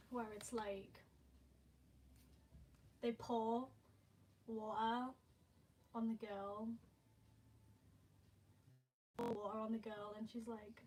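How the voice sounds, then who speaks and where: A young woman talks into her phone on a casual livestream, distraught and rambling between nervous laughs. Her voice sits on the higher side, and she drags her words out slowly. A faint hiss runs under the recording. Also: level tone. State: emotionally distraught.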